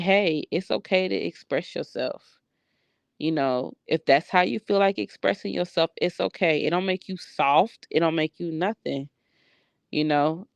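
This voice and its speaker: A woman's voice: fairly low pitch, no echo. A middle-aged woman, a psychic medium, talking frankly and bluntly in a personal video journal.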